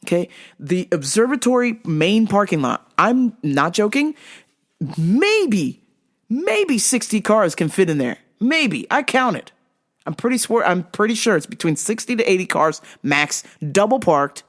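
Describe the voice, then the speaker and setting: A talk show host delivers a profane comedic rant, laughing through her stories in a foul-mouthed, emphatic way and repeatedly saying "okay?". Her medium-pitched voice swings widely in pitch, and she takes her time.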